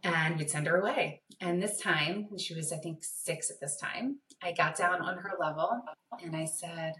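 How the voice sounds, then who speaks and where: A woman parenting coach answering interview questions in a lively way, acting out the voices in her stories. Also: fairly low pitch, normal speed. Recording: echoey room, distant mic.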